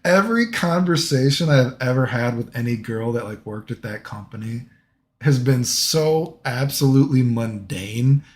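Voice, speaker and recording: Rambling young man telling a story. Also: medium pitch. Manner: rambling, profane, filler-heavy. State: sick. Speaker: vlogger. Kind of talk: casual storytelling.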